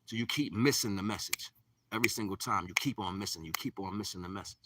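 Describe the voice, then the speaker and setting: A man's voice: on the low side, quick pace, far from the mic, very noisy. A man giving a live-streamed spiritual talk in a repetitive, preachy way, often dropping to a near-whisper. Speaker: spiritual teacher.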